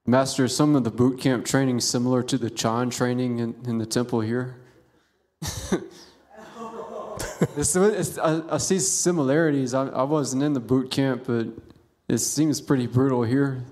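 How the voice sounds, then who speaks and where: A man's voice: mid-range voice, steady tone, a little slow, a little mellow. A man, a student in a class discussion, asking tentatively and repeating words.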